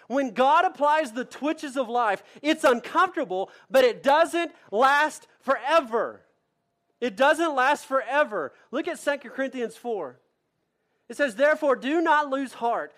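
A man with a very high voice preaches with energy, pressing his listeners with rhetorical questions. He reads scripture aloud in the middle of his sermon. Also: fairly bright tone. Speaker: pastor.

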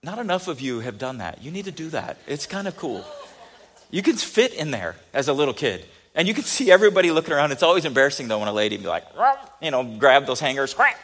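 A male pastor giving a sermon, telling stories animatedly and swinging from loud passages to hushed ones. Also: mid-range voice, sing-song, quick pace.

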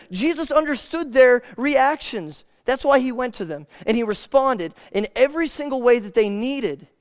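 Male preacher, high-pitched, conversational delivery with slow scripture reading. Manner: casual and conversational, addresses listeners as "man" and "guys"; reads scripture aloud slowly. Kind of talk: sermon.

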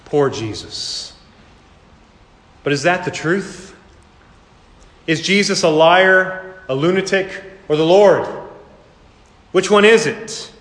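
A man's voice: high voice, slow pace, long pauses, fairly bright tone. A man preaching a sermon as pastor, earnest and dramatic, sometimes putting on mocking voices. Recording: echoey hall with long reverb.

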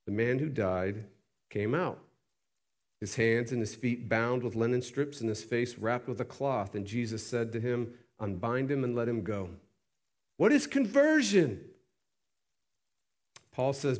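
A man preaching a sermon in church, reading scripture aloud and asking emphatic questions, swinging between loud and hushed delivery. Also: medium pitch, animated, moderate pace. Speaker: pastor. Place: church sanctuary.

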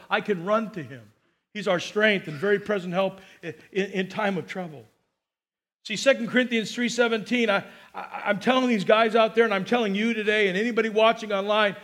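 Storytelling pastor with a high voice. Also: male voice, a bit bright. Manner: chatty storytelling, quick asides and laughs; slows and lifts voice to preach scripture. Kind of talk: sermon.

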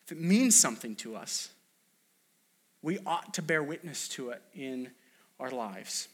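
A man's voice: mid-range voice, lively intonation, measured pace, long pauses, husky. A man preaching a sermon in a conversational, storytelling way, with many restarts and acted quotes. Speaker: pastor.

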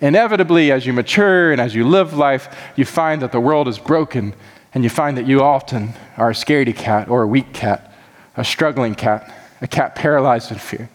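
A man's voice: mid-range voice, moderate pace, in a large hall. A man who is a pastor, preaching a sermon with impassioned, repetitive emphasis that keeps building.

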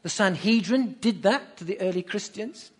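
A man delivers a sermon in a notably high voice. He is emphatic and drives his points home by repeating short phrases. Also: normal speed, breathy edge. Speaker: pastor.

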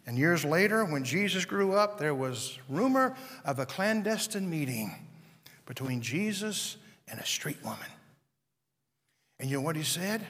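A man preaching in a church sanctuary, his high voice carrying a long reverb through the hall. He is dramatic, sinking to near whispers and then climbing to ringing shouts. His tone is bright and forceful as he acts out the characters in his story. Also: very animated, moderate pace. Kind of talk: sermon.

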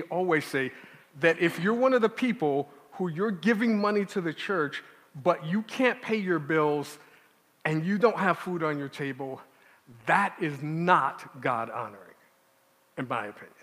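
A man's voice: a little high, a bit bright. A man preaching as a pastor, talking conversationally with asides and restarts. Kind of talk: sermon. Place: church sanctuary. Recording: long church reverb.

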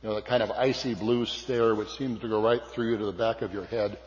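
An older Californian man tells an audience a folksy, self-deprecating story, full of fillers and restarts. His voice is on the low side with fairly even intonation and a slightly quick pace. The sound is dull, carrying a long hall reverb.

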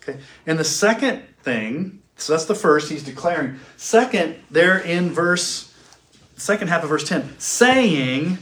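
A man giving a classroom theology lecture. He asks questions, answers them himself, and slows down to stress key words. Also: fairly high pitch, lively intonation, fairly bright tone. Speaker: teacher. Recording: echoey room.

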